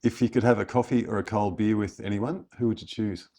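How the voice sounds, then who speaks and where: A man's voice: fairly low pitch, fairly even intonation, a little fast, mellow. A man from Australia hosting a podcast, asking questions in a friendly way and laughing easily. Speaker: podcast host.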